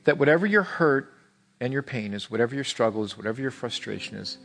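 A man's voice: medium pitch, animated, fast, vocal fry, a bit bright, long reverb tail, soft background music. A man preaching a sermon as pastor, earnest and repetitive, rising to pleading peaks. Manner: earnest, repeats words, swells to pleading peaks.

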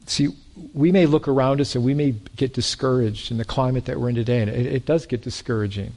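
A man preaching a sermon in a lively way, with joking asides and repeated words. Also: mid-range voice, fairly quick. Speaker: pastor.

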